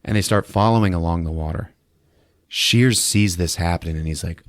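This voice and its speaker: A man hosting a podcast who recaps a movie in casual, animated speech, swearing and acting out the scenes. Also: deep voice, moderate pace, dry recording, studio quality. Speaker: podcast host. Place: podcast studio.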